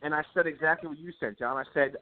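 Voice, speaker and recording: A man with a slightly high voice talks loosely over a thin, phone-like line. He circles back and restarts his sentences, packing them with fillers as he chats. He sounds like a regular sports-talk guest. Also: fast talker. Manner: rambling, many fillers and restarts. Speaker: radio show guest. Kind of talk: casual sports chat.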